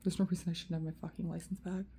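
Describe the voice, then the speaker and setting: A female vlogger delivers an emotional, rambling, profane rant to camera, racing along in a fairly low, level voice that is very dark, mellow, gravelly, and full of vocal fry. Her talk is loose and filled with fillers.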